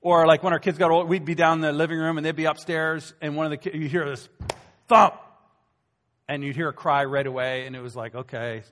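Animated male pastor in a reverberant hall. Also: fairly high pitch, a little fast. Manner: conversational, animated storytelling with acted asides. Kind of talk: sermon. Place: church hall.

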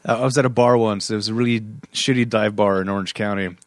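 A man's voice: on the low side, fairly even intonation, fast talker, no room sound. Wry laid-back man, dry close sound. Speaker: podcast co-host. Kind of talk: casual chat.

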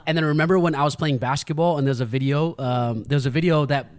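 Male podcast host, high and fast, animated storyteller who laughs a lot. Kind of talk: casual chat.

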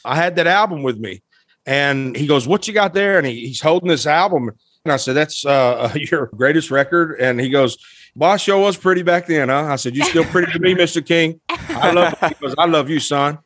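A musician guest telling an animated, emotional anecdote, laughing often as he talks. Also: on the high side, moderate pace, dry recording. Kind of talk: storytelling anecdote.

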